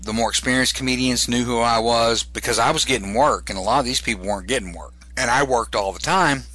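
A stand-up comedian telling a story in an interview, animated and repeating words for comic effect. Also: male voice, mid-range voice, quick pace, dry recording.

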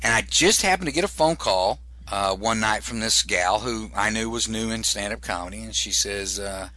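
A stand-up comedian telling a story in an interview, animated and repeating words for comic effect. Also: male voice, lowish voice, moderate pace.

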